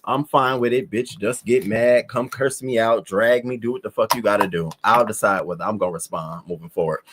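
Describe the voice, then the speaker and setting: A man's voice: on the low side, brisk, background noise. Brash, profane male live-stream host. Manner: brash and profane, talking straight at the chat. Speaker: livestream host. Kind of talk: casual live-stream commentary.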